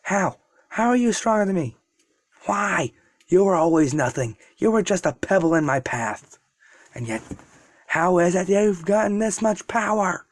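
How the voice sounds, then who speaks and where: A man voicing a hot-headed teenage boy rival who yells in fury. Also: high voice, expressive, measured pace, dry recording, voice pushed up. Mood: furious.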